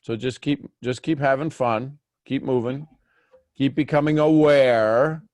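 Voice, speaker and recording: Male host-coach, mid pitch, blunt and playful, dry close recording. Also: fairly even intonation, unhurried, darkish tone, no echo. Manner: blunt, teasing, laughs often. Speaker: coach and host of morning call. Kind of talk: casual coaching chat.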